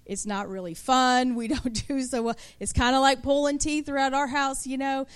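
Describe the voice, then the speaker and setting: Woman in her 30s, high voice, casual storytelling sermon style. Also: fairly even intonation, normal speed, clean tone. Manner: conversational, acts out kids and mothers in asides. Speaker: preacher.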